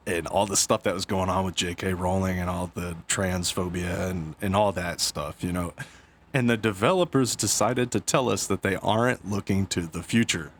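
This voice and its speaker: A man's voice: low voice, a bit bright, a little hiss or hum. A man and father talking casually about a video game, rambling, tripping over his words and laughing at himself. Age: adult with young kids. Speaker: gaming YouTuber. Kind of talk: casual gaming commentary.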